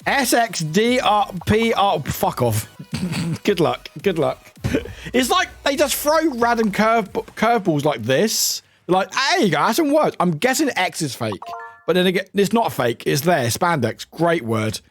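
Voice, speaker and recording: A man from the UK chatting casually with viewers on a live stream as he plays a word game, upbeat and quick to greet people. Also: sits high, very animated, soft background music. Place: home room with a cat nearby.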